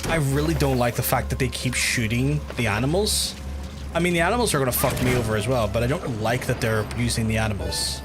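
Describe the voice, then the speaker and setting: Over music, a man with a mid-range voice talks a little fast, his mouth close to the microphone. During his casual gameplay livestream he rambles, swears, and tosses chatty asides to the audience.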